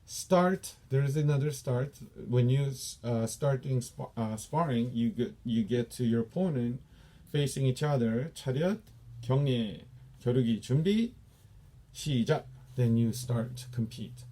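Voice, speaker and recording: Steady and warm at a medium pitch, a Korean-accented man teaches taekwondo students the Korean terms of the dojang. He takes his time, explaining patiently and repeating each term slowly.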